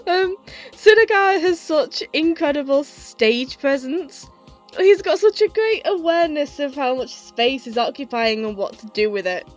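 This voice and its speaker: Woman, reviewer, casual and chatty with a lightly raised pitch and faint background music. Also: moderate pace, highs cut off. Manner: chatty and animated, swears casually. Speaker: TV series reviewer.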